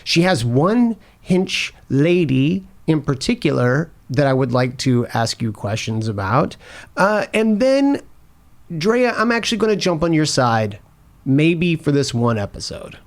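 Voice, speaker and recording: A podcast host asking measured questions of a co-host. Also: mid-range voice, very animated. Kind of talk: podcast discussion.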